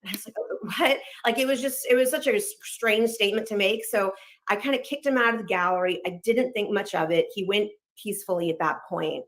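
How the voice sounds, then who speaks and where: A woman in her thirties from Los Angeles, telling her personal story quickly and candidly, acting out bits of dialogue along the way. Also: mid-range voice. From Los Angeles, United States. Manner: fast, candid, animated retelling with quoted dialogue.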